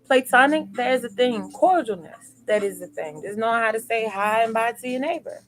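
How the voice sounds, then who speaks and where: A woman hosts a live stream, reading viewer comments and musing on them. Her delivery is relaxed and affirming, with a faint hiss of background noise underneath. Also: on the high side, normal speed, low-quality recording. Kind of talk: casual chat.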